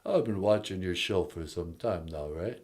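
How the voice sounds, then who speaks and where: A man doing a comic impression of a gruff tough-guy boxer calling in to the show. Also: low voice, moderate pace, a little mellow, lightly acted. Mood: swaggering. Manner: mumbled street slang, "hey, yo".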